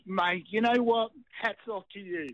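A man's voice: high-pitched, steady tone, a little slow, dry recording. A man with an Australian accent calling in to a radio show, speaking earnestly and openly. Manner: earnest, candid, moved. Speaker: caller. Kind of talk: call-in radio talk. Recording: dull phone-in line.

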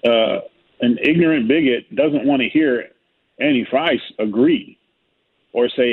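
A man talks through a discussion in an emphatic, earnest way. His voice is husky and a little rough. It comes through a thin, phone-like line. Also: mid-range voice, measured pace. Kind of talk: call-in talk discussion.

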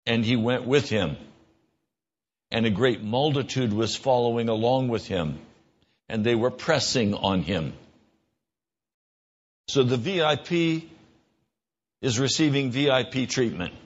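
A man preaching a sermon in an earnest voice, his pitch rising when he stresses a point or acts out a quick exchange. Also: dull audio. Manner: earnest, rises in pitch for emphasis and mimicked dialogue.

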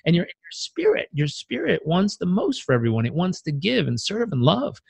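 A man's voice: wildly swooping pitch, moderate pace, creaky, slightly rough, dry recording. A man speaking as a podcast guest, telling reflective stories in an earnest, conversational way and sometimes acting out inner voices. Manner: earnest, acts out inner voices with pitch jumps.

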